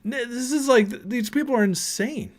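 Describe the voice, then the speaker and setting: A man's voice: very high voice, moderate pace. A man hosting a political commentary show, ranting emphatically and indignantly, often repeating words.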